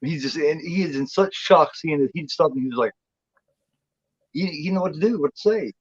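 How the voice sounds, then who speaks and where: A man's voice: on the high side, a little fast, breathy edge, no room sound, highs cut off. A man co-hosting a horror movie chat show, rambling and swearing freely in casual talk. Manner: rambling, swears freely, voices the cat in a playful drawl.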